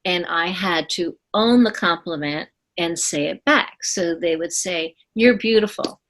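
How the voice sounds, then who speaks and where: A woman in her seventies, a former ballerina, telling her story in an interview with earnest, unhurried speech and thoughtful pauses. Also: on the low side, a bit bright. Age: 70s.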